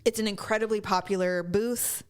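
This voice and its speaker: A woman co-hosting a podcast, telling a long story in a casual, animated way with plenty of swearing. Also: medium pitch, moderate pace, clean tone. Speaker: podcast co-host.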